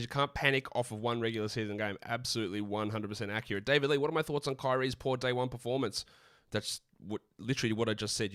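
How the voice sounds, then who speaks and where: An Australian man co-hosting a live stream, answering viewer questions in a blunt, opinionated, rapid-fire way. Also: medium pitch, bright, forceful tone, clean tone, dry recording, clean studio sound. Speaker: podcast co-host.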